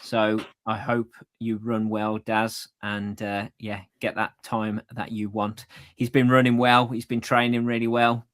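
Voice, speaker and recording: A man co-hosting a casual podcast, relaxed and a little hesitant, repeating himself as he talks. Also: lowish voice, a little slow, hardly any pauses. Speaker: podcast co-host. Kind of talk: casual chat.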